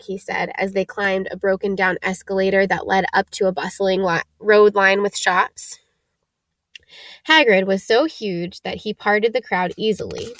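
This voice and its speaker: Female storybook reader, middle pitch, dry close sound. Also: fairly bright tone, dry recording. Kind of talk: storybook narration.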